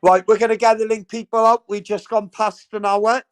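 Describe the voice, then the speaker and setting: A man's voice: high-pitched, level tone, brisk, clean tone. A man hosting a casual livestream, talking straight to his chat in a sweary, effusive, rambling way. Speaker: livestream host.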